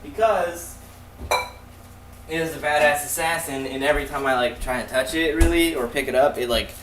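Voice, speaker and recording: A young man tells a meandering, swear-filled story as relaxed game commentary. His voice sits a little high, and he sounds set back from the mic in a roomy, echoing space with faint background hiss. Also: moderate pace. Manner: rambling, profane, laughing asides. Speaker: let's play commentator. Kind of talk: casual storytelling over gameplay. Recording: echoey room, mic at a distance.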